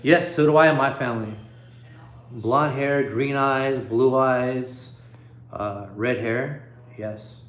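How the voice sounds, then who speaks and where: A man's voice: medium pitch, steady tone, takes it slowly, echoey room. A man hosting a casual livestream from his living room, talking off the cuff into his phone and chuckling as he reads comments. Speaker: livestream host. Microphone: iPhone.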